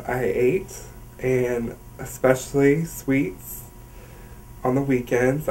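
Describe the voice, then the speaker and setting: A young man with a Southern US accent tells his personal story for an audition, pausing often with "um". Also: mid-range voice, a little mellow, low-quality recording. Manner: slow, halting, many "um"s. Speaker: reality show applicant.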